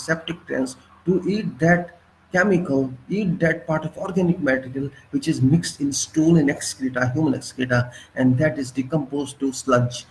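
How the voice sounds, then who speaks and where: A man's voice: medium pitch, a little hiss or hum, rough recording. A man in his sixties with an Indian English accent gives an impassioned political monologue, hammering the listener with rhetorical questions. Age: 60s. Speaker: political commentator.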